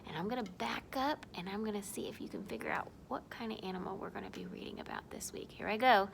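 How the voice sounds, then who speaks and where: A woman teacher reading a picture book aloud to young children, sing-song and animated, sometimes dropping to a whisper. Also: medium pitch, fast, creaky, background noise.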